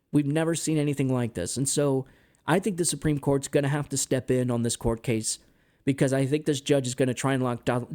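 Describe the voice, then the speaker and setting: A man's voice: fairly high pitch, darkish tone. A man from the United States hosting a political commentary show, talking in a heated, exasperated monologue and often ending lines with "man". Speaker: host.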